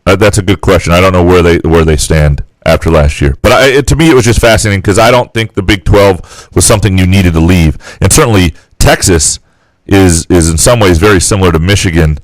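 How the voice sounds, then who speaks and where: A man with a very low voice hosts a casual sports podcast. He thinks aloud in brisk, opinionated bursts. The sound is dry and close to the mic. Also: no room sound, rough recording. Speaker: podcast co-host.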